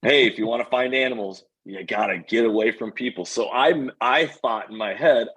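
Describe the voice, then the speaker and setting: A man, a podcast guest, telling an animated hunting story and acting out the voices of the people in it. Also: mid-range voice, moderate pace, hardly any pauses, slightly rough, poor audio.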